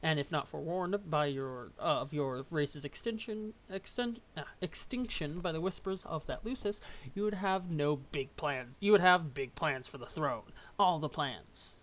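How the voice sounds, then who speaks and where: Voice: medium pitch, moderate pace. A young adult casually reading a webcomic aloud, tripping over words and adding joking asides. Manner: reads with stumbles, asides and laughs. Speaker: webcomic reader.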